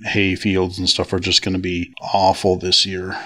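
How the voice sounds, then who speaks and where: A man's voice: low voice, completely flat delivery, moderate pace, pushed and bright. A man from North Dakota, an easygoing podcast co-host, chatting casually. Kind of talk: casual group chat.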